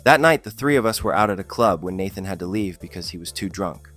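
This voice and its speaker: A man's voice: sits low, animated, fast talker, fairly bright tone, soft background music. A man narrating funny stories in a scripted style, with a dry comic delivery that lifts on the punchlines. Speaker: storyteller.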